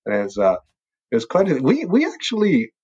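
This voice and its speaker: A man's voice: fairly high pitch, wildly swooping pitch, fairly quick, darkish tone, slightly rough. A man, a birding tour leader, chatting casually and rambling through an old trip story, laughing often between phrases. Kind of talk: casual reminiscing chat. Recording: dull lo-fi sound.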